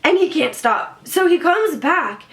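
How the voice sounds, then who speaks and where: A young woman vlogger telling a casual storytime, animated and swearing, full of "like". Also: extremely high pitch, unhurried. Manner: animated, swearing, lots of filler "like". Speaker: beauty vlogger.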